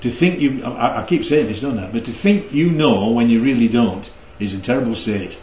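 A man's voice: medium pitch, normal speed, a little mellow, slight background noise. A man leading a group Bible study, teaching interactively and keeping the group involved with frequent check-ins. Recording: roomy, slightly dull recording.

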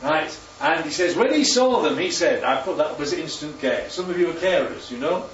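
A man's voice: fairly high pitch, normal speed, fairly bright tone, slight background noise. A man preaching a sermon, often putting questions to his congregation and repeating the answers back. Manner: interactive, asks the congregation questions. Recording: roomy, distant, muffled hall recording.

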